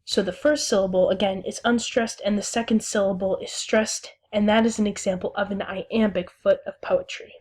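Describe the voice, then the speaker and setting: A young woman giving a recorded lesson as a teacher, speaking slowly and deliberately and sounding out syllables one by one. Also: medium pitch, steady tone, darkish tone.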